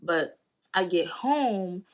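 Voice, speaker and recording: A woman in her twenties telling a storytime vlog in animated, slangy, profane talk, acting out quotes. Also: extremely slow. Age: 20s. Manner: acts out quotes with sudden high jumps. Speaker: vlogger. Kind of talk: storytime chat.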